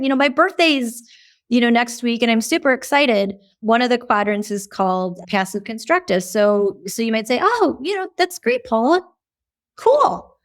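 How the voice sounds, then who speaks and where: A middle-aged woman, a guest expert in a conversational interview, explaining with lively, animated delivery. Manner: animated, acts out example dialogue with big pitch jumps.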